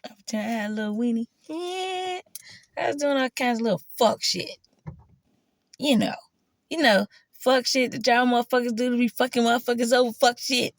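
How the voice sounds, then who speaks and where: A woman vlogger telling a profane, animated story in casual monologue and often quoting herself. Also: on the high side, moderate pace, dry recording.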